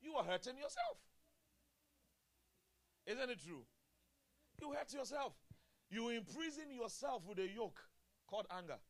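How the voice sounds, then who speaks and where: A male pastor preaching a sermon at a church service, chuckling often and swinging from quiet murmurs to loud exclamations. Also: very high voice, huge pitch swings, a little slow, pauses often.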